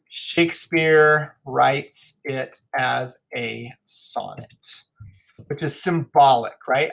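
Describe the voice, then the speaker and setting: A male teacher leading a class read-through of a play, explaining the text and now and then reading lines in quick voices. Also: fairly high pitch, a bit bright.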